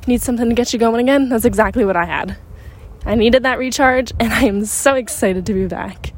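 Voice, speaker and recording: A young woman hosting a podcast, chatting excitedly while out on a walk, a little out of breath. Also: a little high, brisk. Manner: bubbly, rambling, excitable. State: slightly out of breath. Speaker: podcast host. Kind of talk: casual chat. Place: outdoors on a walk in a neighborhood, windy.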